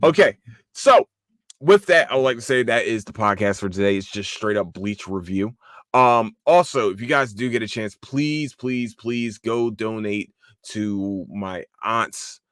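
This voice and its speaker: A man hosting a casual solo podcast, excitable, swearing often and restarting his sentences with lots of fillers. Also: lowish voice, unhurried, no echo, studio quality. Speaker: podcast host.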